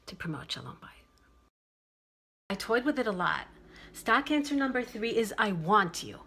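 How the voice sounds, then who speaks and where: A woman's voice: fairly low pitch, lively intonation, unhurried, fairly bright tone, slightly rough. A woman from Brooklyn, giving relationship advice in an emphatic monologue that repeats its key phrases. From Brooklyn, New York.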